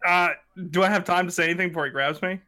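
A man's voice: high voice, steady tone, very fast, sharp tone, slight background noise. A young man playing in a casual tabletop role-play, laid-back, asking questions and laughing often. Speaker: player.

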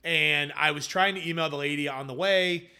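A young man, the founder of a hummus company, casually telling animated stories in an interview and acting out the voices of people he quotes. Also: on the high side, normal speed, clear, resonant tone.

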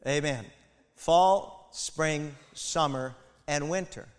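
A man's voice: on the high side, expressive, moderate pace. Impassioned male preacher in a reverberant hall. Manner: impassioned, builds to loud emphatic peaks, asides to congregation. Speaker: pastor. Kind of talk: sermon.

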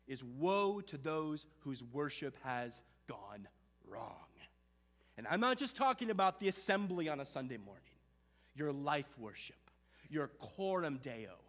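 Slow, lively preaching man in a hall. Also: mid-range voice. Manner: emphatic preaching with dramatic pauses and lists. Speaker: pastor. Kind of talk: sermon. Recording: long hall reverb.

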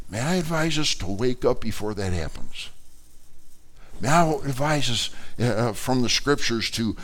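A man preaching a sermon, swinging between loud outbursts and quiet, low passages and acting out the voices he quotes. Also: lively intonation, a little slow.

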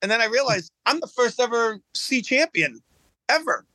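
A man's voice: very high-pitched, sing-song, moderate pace, bright, forceful tone, no room sound. A man, a guest on a podcast, telling his story in earnest, often restarting and repeating words. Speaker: guest, bowling champion. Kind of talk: casual podcast chat.

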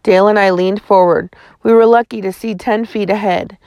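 A woman's voice: mid-range voice, fairly even intonation, normal speed, darkish tone, dry recording. A woman reading a chapter book aloud in a folksy first-person storytelling manner, close to the mic. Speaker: audiobook narrator.

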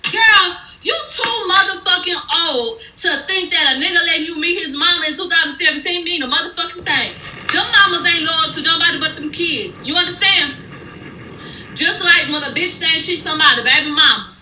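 A woman's voice: extremely high pitch, lively intonation, a little fast, pushed and bright, echoey room, poor audio. A woman giving a blunt, profane, sassy recap of a reality TV episode in casual speech.

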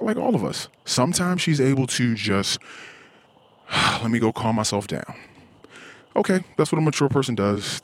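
Profane man ranting while walking outside. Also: mid-range voice. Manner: rambling, profane, frustrated; acts out quoted voices. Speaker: podcast host. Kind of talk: casual solo monologue. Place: outdoors, walking in a cul-de-sac.

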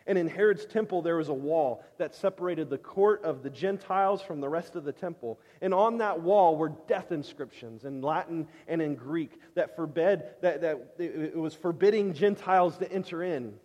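A man preaching a sermon with emphasis, swinging between loud declarations and hushed lines. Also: on the high side, moderate pace, few pauses. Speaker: pastor. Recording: long hall reverb.

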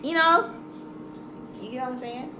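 A woman's voice: sits high, measured pace, over music. A woman co-hosting a casual podcast, teasing her friend and laughing a lot. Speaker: podcast co-host. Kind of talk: casual chat. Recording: echoey room with background noise.

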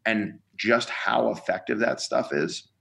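A man's voice: fairly low pitch, unhurried, vocal fry, a bit bright, rough recording. A man, a college strength coach, explaining his ideas in a casual podcast conversation, earnest and acting out examples as he goes.

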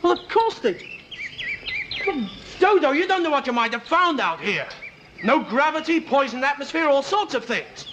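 An actor playing a bossy, exasperated young space traveller in a 1960s TV drama, firing off incredulous, scolding questions. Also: male voice, very high voice, very animated, moderate pace, sharp tone, a little hiss or hum, full character voice. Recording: old TV soundtrack with birdsong.

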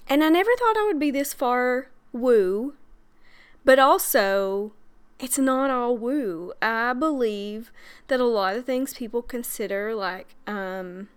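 Young woman chatting on her podcast, kinda high voice, smooth, lots of ums. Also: slow. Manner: chatty, earnest, laughs often, many fillers. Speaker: podcast host and breathwork coach. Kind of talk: casual monologue.

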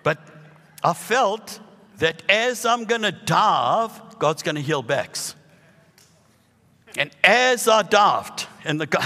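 A man in his sixties with a South African accent, preaching a sermon with animated, emphatic bursts. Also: fairly high pitch, big-room sound. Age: 60s.

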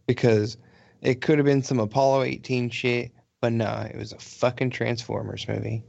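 A man's voice: mid-range voice, little pitch movement, moderate pace, gravelly, darkish tone, muffled recording. A man co-hosting a casual podcast, cracking wry, profane jokes. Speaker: podcast co-host. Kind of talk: casual chat.

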